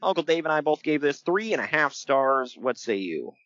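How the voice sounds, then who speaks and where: Animated man with a bright voice. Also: moderate pace, no echo, lo-fi sound. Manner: animated, laughs often, acts out quotes in a high voice. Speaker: podcast host. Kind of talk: casual podcast chat reviewing wrestling.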